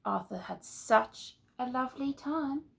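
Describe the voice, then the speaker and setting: Expressive woman reading a children's story. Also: sits high, unhurried, vocal fry, noisy background. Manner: expressive, asks the listeners questions. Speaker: teacher reading aloud. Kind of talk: children's story read-aloud.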